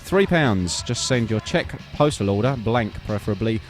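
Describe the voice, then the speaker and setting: A man's voice: on the low side, expressive, moderate pace, soft background music. A man doing casual pirate-radio DJ links between records, chatty, offhand and self-deprecating, with the odd "uh".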